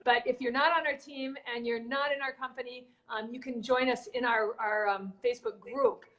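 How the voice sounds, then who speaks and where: A woman's voice: a little high, fairly even intonation, normal speed, fairly bright tone. A woman co-hosting a casual live video chat on marketing, rambling with fillers and restarts. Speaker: marketing coach and co-host.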